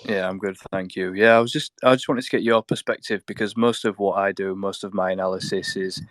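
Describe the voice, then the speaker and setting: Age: adult. Sex: man. Role: caller. Pitch: low. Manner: rambling, casual, quick to laugh at himself. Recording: dry call audio. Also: fairly even intonation, a bit bright, no room sound. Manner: rambling and laughs at his own slips.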